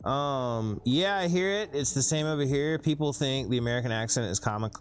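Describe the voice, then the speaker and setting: A man's voice: medium pitch, a little fast, soft background music. A man with a thick Southern US accent chatting casually with viewers on a live stream, laid-back and rambling.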